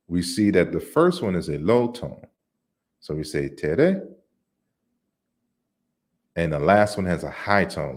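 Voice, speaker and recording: A man giving an online lecture on word forms, explaining slides deliberately with frequent restarts. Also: deep voice. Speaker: lecturer on African languages.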